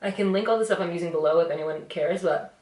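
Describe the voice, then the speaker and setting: A woman's voice: fairly low pitch, fast, a little mellow, reverberant. A woman in her twenties chatting casually in a get-ready-with-me vlog, reflective and rambling, with lots of "like" and "you know". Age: 20s. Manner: rambling, filler-heavy and reflective. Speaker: YouTuber. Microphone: camera mic.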